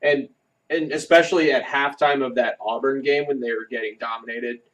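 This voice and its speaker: A man's voice: medium pitch, fairly even intonation, a little fast, a bit bright, poor audio. A man co-hosting a casual sports podcast, emphatic and easily amused. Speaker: podcast co-host.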